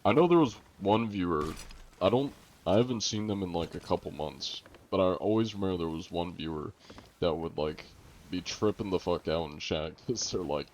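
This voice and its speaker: A young adult man streaming a game live, chatting casually with viewers in a relaxed, rambling way full of fillers. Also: low-pitched, normal speed, a little hiss or hum. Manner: relaxed and rambling, lots of "like" and fillers, joking with chat. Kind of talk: casual live-stream chat while gaming.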